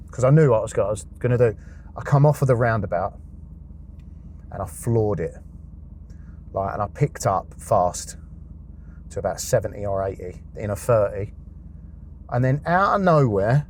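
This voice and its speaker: A man's voice: medium pitch, darkish tone, a little hiss or hum. Candid man telling a hard story. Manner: candid, swears often, acts out his own past thoughts. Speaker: podcast guest. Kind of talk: emotional personal storytelling.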